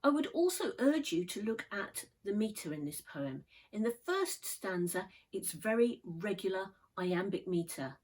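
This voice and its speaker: Woman teaching poetry, lots of rise and fall in her voice, calm careful explaining. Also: mid-range voice, rough recording. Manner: measured, thoughtful explaining. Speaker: English literature teacher.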